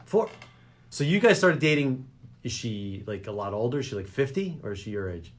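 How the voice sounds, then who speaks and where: A man's voice: mid-range voice, big pitch swings, normal speed. A man hosting a local radio talk show, joking and rambling. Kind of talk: casual chat show banter.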